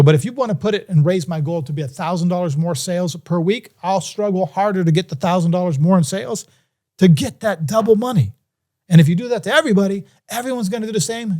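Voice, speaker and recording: Male podcast guest, warm and relaxed tone, slightly high pitch, animated storyteller. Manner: animated, acts out quoted voices. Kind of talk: casual storytelling.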